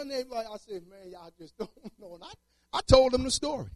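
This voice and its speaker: A man's voice: extremely high pitch, moderate pace, a little mellow, no room sound. A man telling his testimony in church, storytelling with fervor and colloquial speech. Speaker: testimony speaker.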